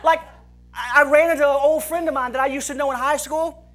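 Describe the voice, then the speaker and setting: With an extremely high pitch, a steady, fairly bright tone and a brisk pace, a pastor shares comic stories during a church service. He laughs frequently and mimics the voices of his friends.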